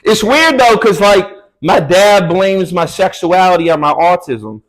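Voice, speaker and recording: A young man works a comedy club stage with a stand-up set. His voice sits a little high, and he tells crude, rambling stories full of slangy asides. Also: lively intonation, measured pace, a crowd in the background, low-quality recording.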